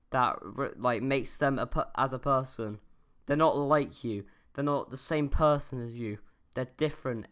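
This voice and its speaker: A man's voice: mid-range voice, a bit bright, clean tone. Rambling, profane young man. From United Kingdom. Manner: rambling, profane, full of fillers and restarts. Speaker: YouTuber. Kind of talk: casual opinion rant.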